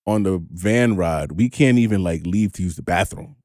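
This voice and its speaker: A man's voice: low-pitched, moderate pace, darkish tone, dry recording, clean studio sound. A man hosting a podcast, telling stories in a casual, laid-back way with frequent laughs. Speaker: podcast host. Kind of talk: casual group chat.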